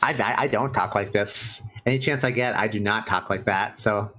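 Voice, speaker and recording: A man's voice: fairly low pitch, moderate pace, pushed and bright. A man from Orlando calling a card game live in an upbeat, methodical play-by-play, fighting off a cough. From Orlando, Florida, USA. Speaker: tournament commentator. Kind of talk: casual live game commentary.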